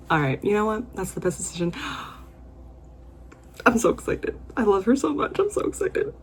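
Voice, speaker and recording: A woman's voice: on the low side, husky. A young woman vlogging her reactions while reading, talking in an emotional, gushing and exclamatory way. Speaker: book vlogger. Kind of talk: reading vlog commentary.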